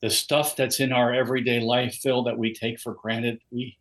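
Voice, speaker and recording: A man's voice: medium pitch, little pitch movement, normal speed, poor audio. An older man giving a personal testimony as a guest in an interview, telling his story earnestly. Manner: earnest storytelling, quoting others.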